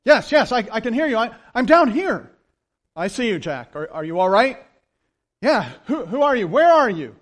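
A pastor puts on a desperate man clinging to a root over a drop, his voice pushed high and loud. He yells for help and bargains in a rush of stumbling promises. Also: very animated, normal speed. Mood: frantic pleading. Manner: frantic, yelling, bargaining. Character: panicked man dangling from a cliff.

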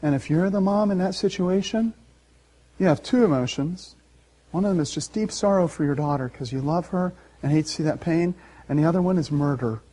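Man, pastor, sermon, emphatic, animated delivery, slightly high voice. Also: slight background noise. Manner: animated, emphatic, uses dramatic pauses.

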